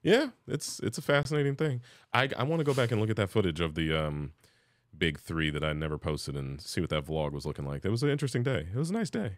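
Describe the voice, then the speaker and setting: A man co-hosting a relaxed chat podcast, with a very low voice. He talks in a measured, reflective way, working through his thoughts as he goes. The recording is dry and close. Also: dry recording. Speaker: podcast co-host. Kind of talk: casual chat.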